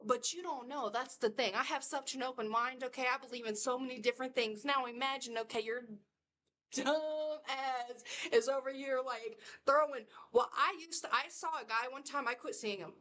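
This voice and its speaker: A woman's voice: high voice, moderate pace, pushed and bright, slight background noise. A woman rambling through a casual reaction video, laughing often and circling back on her points. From United States. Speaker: reaction vlogger.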